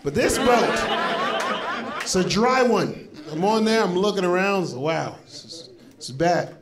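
A man from Florida works a live comedy stage, storytelling in a fairly high voice that jumps into acted-out quotes and laughing asides. The audience is loud, with laughter breaking in throughout this live club recording. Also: animated, measured pace, crowd noise. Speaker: stand-up comedian. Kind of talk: stand-up comedy set.

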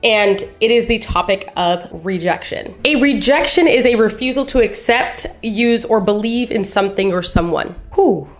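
A woman's voice: mid-range voice, normal speed, hardly any pauses. A young woman hosting her own faith channel, talking casually and expressively, then leading a prayer. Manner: expressive, emotional, chatty. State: teary after crying. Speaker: faith vlogger. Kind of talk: casual devotional talk with prayer.

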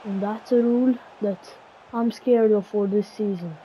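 Woman host calling her own football game match at a slow pace, talking to herself when plays go wrong; muffled, slightly hissy recording. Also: mid-range voice, steady tone. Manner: self-critical, muttering to herself between calls. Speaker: gaming channel host. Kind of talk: play-by-play commentary over a football video game. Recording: dull lo-fi recording, faint hiss.

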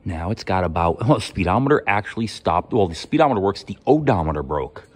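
A man tells a rambling shop story in a husky, slightly rough voice. His pitch swings widely as he acts out the other speakers, then drops low for his own lines. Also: fast. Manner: animated, quotes others with pitch jumps. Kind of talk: casual storytelling. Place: workshop.

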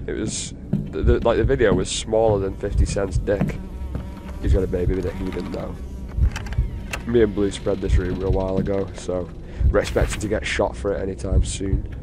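A man's voice: low-pitched, moderate pace. Cursing man narrating a horror game. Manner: casual, profane, rambling. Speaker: gaming video host. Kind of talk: let's play commentary. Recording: steady background noise.

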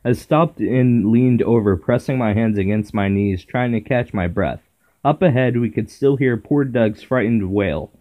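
A man reading a children's horror book aloud in a steady first-person storytelling manner. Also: medium pitch, unhurried, highs cut off. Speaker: narrator.

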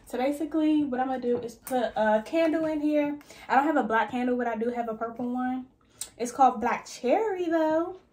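A young woman in her twenties chatting casually in a slangy, animated way while organizing her bathroom. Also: fairly quick, roomy sound. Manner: chatty, slangy, animated with sudden high squeals. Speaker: lifestyle vlogger. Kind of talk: casual organizing vlog chat. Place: bathroom at home.

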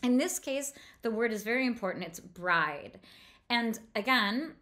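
A woman giving an enthusiastic literature lecture, breaking down a passage sound by sound and slowing down to read lines aloud. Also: fairly high pitch, animated, a bit bright. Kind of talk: close-reading lecture.

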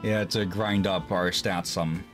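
A man streaming a co-op game with a friend, relaxed, thinking aloud and laughing often. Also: low-pitched, a little slow, over music. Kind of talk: casual gaming chat.

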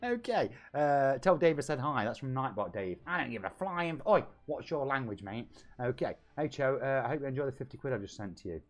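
A man in his forties from England with a British accent, chatting on his live game stream with excitable shout-outs and banter. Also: mid-range voice, fairly quick. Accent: British English. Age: 40s. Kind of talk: lively live-stream chat. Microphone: home streaming microphone.

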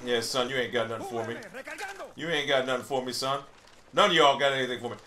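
A man giving live gameplay commentary, loud and profane, ranting and trash-talking. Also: medium pitch, quick pace, reverberant. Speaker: gamer.

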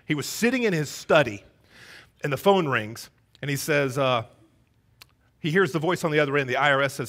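A man in his thirties delivers a sermon in a church. His voice sits a little high for a man. He tells stories with energy and acts out the voices of the people in them. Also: moderate pace. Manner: animated storytelling, acts out voices. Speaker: pastor. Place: church sanctuary.

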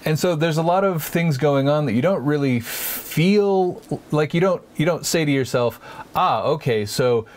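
A man's voice: fairly high pitch, moderate pace, hardly any pauses, a little mellow. A man hosting a casual art chat, telling stories and explaining ideas in a playful, rambling way with many restarts. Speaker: podcast host, artist.

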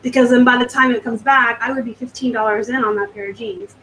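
Her voice is a little high and a bit bright, the tone steady and the pace fast. This US West Coast woman hosts a live stream, rambling casually about her selling and reading out comments from viewers, over slight background noise on a rough recording.

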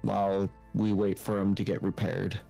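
A young man playing a tabletop game, quick and joking, swearing when plans go wrong. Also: low-pitched, flat delivery, vocal fry, warm tone, faint music behind. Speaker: player. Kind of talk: casual game chat.

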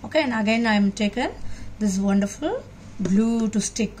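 A woman's voice: on the high side, moderate pace, a little mellow, slight background noise. A woman demonstrating a children's craft, talking patiently and asking the children questions as she works.

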